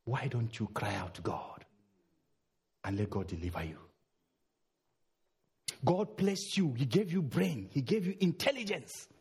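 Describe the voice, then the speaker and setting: A middle-aged man preaching a sermon in a church, urging loudly, then dropping low. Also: sing-song, unhurried, long pauses, slightly rough. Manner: emphatic, swings between loud urging and low murmurs.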